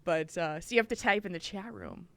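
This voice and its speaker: A woman's voice: on the low side, a little fast, vocal fry, dry recording. A woman co-hosting a podcast from her living room, chatting casually and laughing often. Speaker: podcast co-host. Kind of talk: casual chat.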